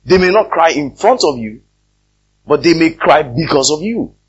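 A man, a pastor, preaching a sermon to his congregation, reading scripture and then speaking to them directly with pointed questions and loud, emphatic peaks. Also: on the high side, animated, moderate pace, breathy edge. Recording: dull lo-fi sermon recording.

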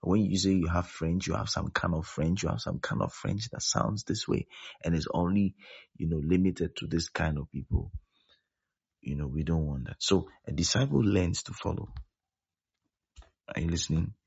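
Deep gravelly-voiced pastor preaching. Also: male voice, moderate pace, darkish tone. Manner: repeats himself, keeps asking if listeners follow. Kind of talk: sermon. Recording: dull lo-fi sound.

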